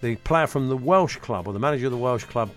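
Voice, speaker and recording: A man's voice: mid-range voice, lively intonation, quick pace, faint music behind. A man hosting a podcast, quizzing his co-host in casual chat with lots of hesitations. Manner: chatty, hesitant with many uhs.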